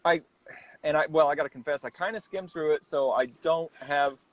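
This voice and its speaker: A man guest telling stories in a casual interview, rambling and halting as he goes. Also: on the high side. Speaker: guest, celebrity impersonator. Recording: dull, dry lo-fi sound.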